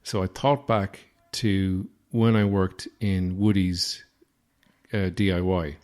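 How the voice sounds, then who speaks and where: A man's voice: low-pitched, fairly even intonation, slow pace, darkish tone. An Irish man hosting a podcast, telling a comic story in a rambling, self-deprecating, crude manner. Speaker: podcast host.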